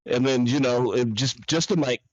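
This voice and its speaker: A man co-hosting a live podcast over a poor USB mic, animated and laughing. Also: mid-range voice, moderate pace, no room sound, lo-fi sound. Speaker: podcast co-host. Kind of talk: casual live podcast banter. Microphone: USB mic, poor connection.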